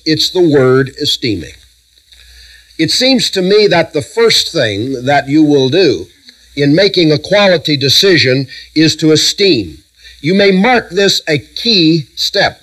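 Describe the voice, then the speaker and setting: A middle-aged man preaching a sermon, walking a congregation through Bible verses with emphatic lists and measured pauses. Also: a little high, fairly bright tone, poor audio.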